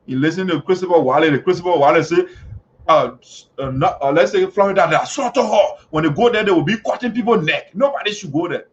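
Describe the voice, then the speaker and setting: A man's voice: high-pitched, quick pace. A man hosting an online show, delivering heated political commentary full of mocking, chanting jeers. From Liberia. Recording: dull lo-fi audio.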